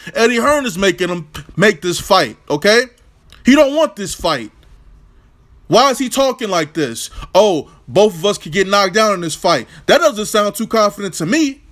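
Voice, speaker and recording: A man's voice: high voice, fairly bright tone. A man hosting an opinionated, profane boxing vlog rant, brash and combative. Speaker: boxing commentator, channel host.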